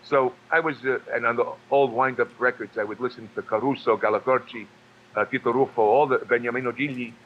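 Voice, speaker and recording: A man from New York, a guest actor and singer, telling stories in a halting way with many restarts and fillers. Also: medium pitch, steady tone, lo-fi sound. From New York, USA. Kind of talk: casual storytelling interview.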